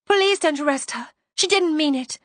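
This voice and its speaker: A woman voicing a high, pleading anxious young woman. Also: moderate pace, fairly bright tone, dry recording. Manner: pleading, distressed.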